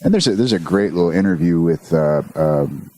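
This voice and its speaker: A man's voice: low voice, animated, normal speed, mellow. A man hosting a podcast, chatting casually, rambling, swearing and groping for words. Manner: rambling, profane, loses his words. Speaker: podcast host.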